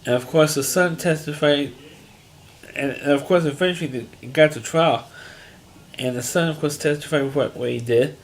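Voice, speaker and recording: With slight background noise behind him, a man with a fairly high voice rambles through a TV episode recap at a moderate pace. He's plain-spoken, often restarting sentences and using fillers.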